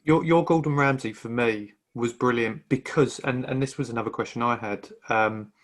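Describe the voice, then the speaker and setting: A man's voice: mid-range voice, normal speed. A man hosts an interview, building long questions with plenty of hedging. His voice sits in a plain middle range. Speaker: podcast host.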